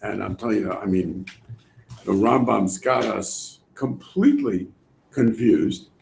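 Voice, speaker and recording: A man teaching a Torah class in an animated way, acting out voices and laughing often. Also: on the low side, slow, gravelly, a little hiss or hum. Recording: echoey room.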